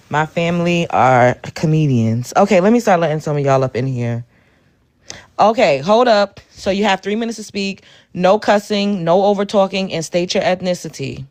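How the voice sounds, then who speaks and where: A woman from Brooklyn, hosting a livestream and talking bluntly to her chat. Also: sits low. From Brooklyn, New York. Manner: animated, blunt, talks to chat. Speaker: livestream host. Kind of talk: casual livestream talk.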